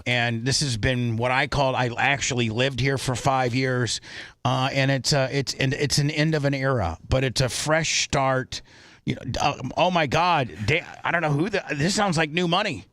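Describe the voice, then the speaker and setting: A man's voice: medium pitch, steady tone, normal speed, a bit bright, no echo. A male radio talk show host reading out listener donations on air from his studio, emotional and rambling, with many restarts. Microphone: studio microphone.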